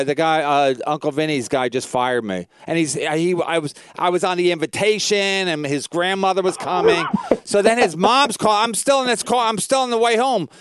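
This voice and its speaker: Guy on a podcast ranting a story, cursing a lot, keeps saying "i go", smooth clear voice, dry sound. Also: fairly high pitch, dry recording. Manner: profane, rambling, repeats "I go". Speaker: comedian telling a story. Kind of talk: casual podcast chat.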